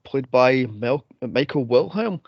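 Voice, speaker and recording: A man's voice: mid-range voice, lively intonation, slow, no room sound. A man co-hosting a movie podcast, chatting animatedly with laughs and rambling asides. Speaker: podcast co-host. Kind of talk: casual movie review chat. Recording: dull lo-fi dry sound.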